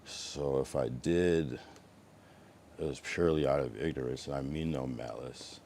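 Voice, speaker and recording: A young man streams from a room at home and talks back at his chat in a rambling, profane way. His voice sits extremely low, and he swings between a low mutter and loud taunting. A faint background noise runs under him. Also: measured pace. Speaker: livestreamer. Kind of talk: casual live-stream chat reacting to viewers.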